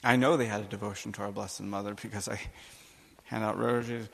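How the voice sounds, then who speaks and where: A male priest giving a sermon, telling a personal story with animated, emphatic delivery and acting out the dialogue. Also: lowish voice, fast talker, creaky, breathy edge. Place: church or conference hall. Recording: long hall reverb.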